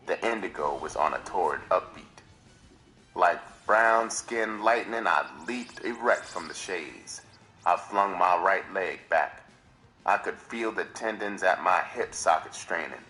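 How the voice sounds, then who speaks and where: A man's voice: deep voice, unhurried, pushed and bright, faint music behind. A man reading a novel aloud on a live stream in dramatic first-person narration. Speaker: reader.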